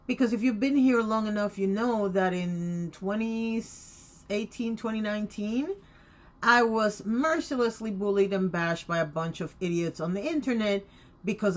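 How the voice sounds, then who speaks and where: A woman in her late fifties hosting her own channel, talking to camera in an emphatic, outspoken way. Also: mid-range voice. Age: 50s. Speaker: vlogger. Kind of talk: casual opinion talk to camera.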